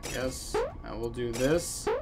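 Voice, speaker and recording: A man playing through a game on camera, with goofy, theatrical commentary and sudden loud outbursts. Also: mid-range voice, a little slow, loud music behind the voice. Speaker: gaming YouTuber. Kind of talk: let's play commentary.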